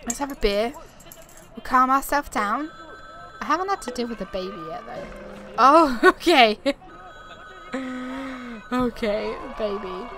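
A woman's voice: on the high side, expressive, measured pace, pauses often, sharp tone, faint music behind. A woman doing chatty let's play commentary at home on a desktop mic, narrating her moves and often laughing. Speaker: gaming YouTuber. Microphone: desktop USB mic.

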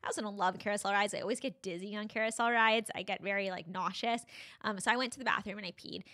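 A woman's voice: medium pitch, steady tone, quick pace, pushed and bright. A young woman, a podcast guest, retelling a frightening personal story in a breathless, vivid way full of "like"s.

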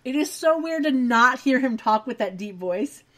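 Brief: young woman podcast co-host, chatty and wry, fairly high voice, casual episode recap. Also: lively intonation, moderate pace, fairly bright tone. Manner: chatty, detailed, wry asides.

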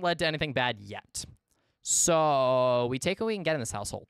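Chatty male streamer with a smooth voice. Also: medium pitch, expressive, normal speed, no echo, studio quality. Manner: talks to himself and chat, exasperated outbursts, swings between loud yelps and mumbling. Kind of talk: casual live gameplay commentary. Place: his room at home.

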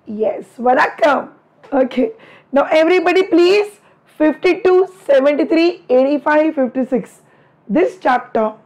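Indian woman teacher, middle-aged, high and slow, teasing and affectionate, slightly worn throat. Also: a little mellow. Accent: Indian English. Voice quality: strained throat from many lectures. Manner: chatty, affectionate, teasing with students. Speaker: online biology teacher. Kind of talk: live online class, greeting students.

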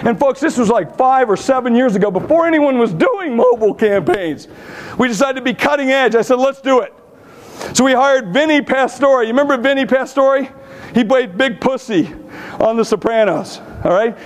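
A man's voice: very high-pitched, animated, moderate pace. A man giving a conference keynote, telling blunt, brash stories with humor. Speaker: keynote speaker. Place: conference stage.

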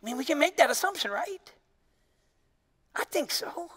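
Man, sermon, bright tense voice, animated preaching. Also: very high-pitched, normal speed, big-room sound. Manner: emphatic, animated preaching with frequent "man" and "y'all". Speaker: pastor.

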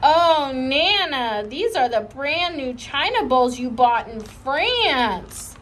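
A woman reading aloud, voicing a giggly little girl with a squeaky, sing-song voice. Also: very animated, takes it slowly, fairly bright tone, a little hiss or hum, heavily acted. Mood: delighted.

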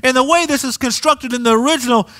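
A pastor with a Southern US accent preaching a sermon in a church, animated and rising to near shouts. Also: male voice, extremely high pitch, fast talker. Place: church sanctuary.

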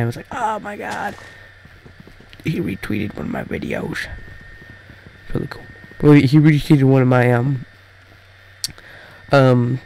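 A teenage boy chatting casually over his gameplay, rambling and halting, full of fillers and restarts. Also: mid-range voice, warm tone, rough recording. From Canada. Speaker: gaming YouTuber.

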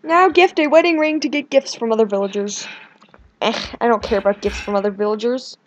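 A young woman chatting casually while playing a video game, rambling and swinging between whiny complaints and excited outbursts. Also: fairly high pitch, a little fast, slight background noise. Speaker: gaming video creator. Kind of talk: casual let's-play commentary.

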